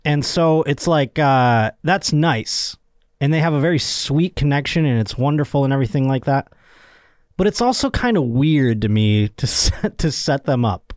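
A man's voice: medium pitch, animated, normal speed, a little mellow, dry recording, studio quality. A young man hosting a podcast, rambling and joking crudely in casual chat. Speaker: podcast host.

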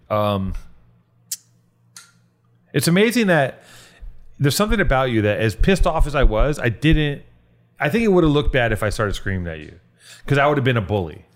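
A man hosting a casual comedy podcast, rambling and swearing as he riffs, restless and quick to jump between thoughts. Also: mid-range voice. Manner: rambling, profane, restless, riffing. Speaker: podcast host.

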